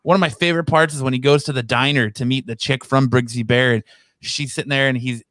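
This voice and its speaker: A man's voice: mid-range voice, fairly even intonation, fast, fairly bright tone, dry recording. A man on a podcast animatedly retelling favorite film moments in a casual chat. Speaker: podcast guest.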